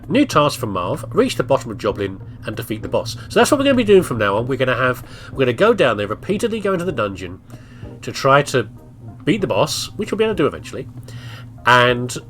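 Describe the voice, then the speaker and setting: A man's voice: medium pitch, fairly bright tone. A man hosting a gameplay video, chatting casually and rambling through his commentary with frequent laughs. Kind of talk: casual let's-play commentary.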